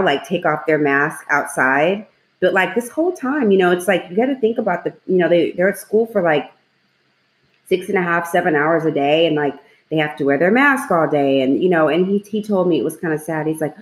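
A talkative woman in her thirties co-hosting a radio chat show, her voice sitting on the lower side. She rambles easily, laughs a lot and leans on "like" and "you know". The room around her sounds roomy and echoey. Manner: chatty, laughs often, lots of "like" and "you know". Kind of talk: casual chat. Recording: roomy echo.

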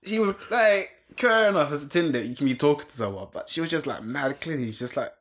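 A man's voice: a little high, expressive, fast, a bit bright. A young man, telling a story in casual chat with laughs and slang.

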